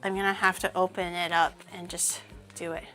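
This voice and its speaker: A woman streamer chatting casually while she cooks, rambling and breaking into animated mock-outraged rants. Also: fairly low pitch, a little fast, soft background music. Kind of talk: casual livestream chat while cooking.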